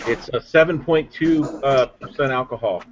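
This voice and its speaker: A man with a mid-range voice co-hosting a casual talk show. He sounds relaxed and laughs easily. The audio is dull and lo-fi. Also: mid-range voice, normal speed, a little hiss or hum. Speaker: co-host. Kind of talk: casual chat.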